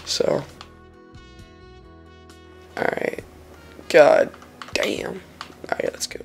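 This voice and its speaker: A young man giving casual, excitable let's-play commentary over a racing game, swearing and exclaiming when he makes mistakes. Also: extremely slow, faint music behind. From Lithuania. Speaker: gaming channel host.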